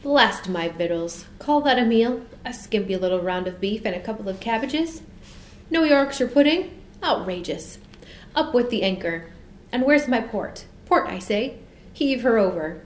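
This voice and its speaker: Older male admiral, blustering, shouting sea orders in a high, loud voice, played by a woman narrator; echoey room. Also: lively intonation, moderate pace, natural voice. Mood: raging. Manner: shouting, sputtering with rage.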